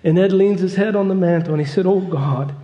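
A man's voice: sits high, quick pace, muffled recording. A man preaching a sermon, telling a story with growing fervor. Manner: storytelling, fervent, rising to loud excitement. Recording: long hall reverb.

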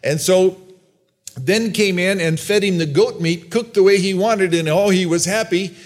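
A man's voice: high voice, normal speed. Man preaching through scripture verses. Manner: reads Bible verses aloud and briefly acts out characters' lines; loose, conversational with restarts. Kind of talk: sermon with scripture reading.

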